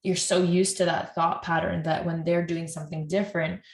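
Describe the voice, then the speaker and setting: A woman with a somewhat low voice talks as a couples therapist, explaining things earnestly and at length. She often restarts her sentences as she goes. The room around her gives her voice a noticeable echo. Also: little pitch movement, normal speed, vocal fry. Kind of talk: explanatory talk to camera.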